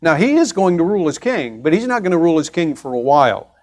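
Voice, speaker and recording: Guy teaching sunday bible class at church, voice a bit on the high side, chatty, asks the class stuff, restarts a lot. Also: very animated, darkish tone. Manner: conversational, explains step by step with pauses and restarts.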